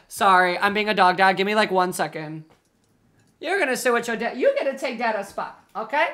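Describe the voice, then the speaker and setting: A man's voice: high voice, animated, a little fast, pushed and bright. A young man streaming a game live, chatting casually and gushing at his dogs in baby talk. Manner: playful, lots of fillers.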